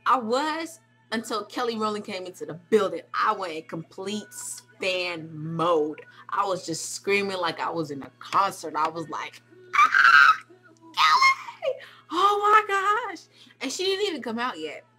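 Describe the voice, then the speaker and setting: A young woman excitedly telling a vlog story, acting out quotes with squeals and shouts. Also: fairly low pitch, normal speed, faint music behind. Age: young adult. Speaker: vlogger recounting a club night.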